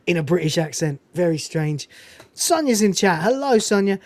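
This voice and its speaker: Animated, foul-mouthed woman recapping a film. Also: fairly low pitch, normal speed, no room sound. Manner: animated, profane, digressive. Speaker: podcast host.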